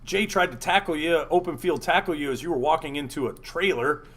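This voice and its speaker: A man hosting a casual talk show, telling a story in an animated, profane way. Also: on the high side, fairly quick. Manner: animated, profane, acts out quotes. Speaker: podcast host.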